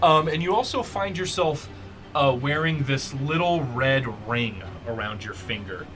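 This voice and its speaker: A man's voice: mid-range voice, animated, measured pace, fairly bright tone. A man narrating as game master in a loose, chatty way with many fillers. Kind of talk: narrating a tabletop game on a stream.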